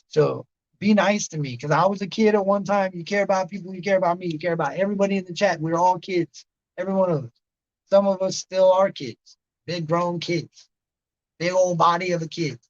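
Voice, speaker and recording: A man's voice: high voice, highs cut off. A man in his late thirties hosting a livestream, rambling casually and answering chatters by name. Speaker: livestream host reading chat.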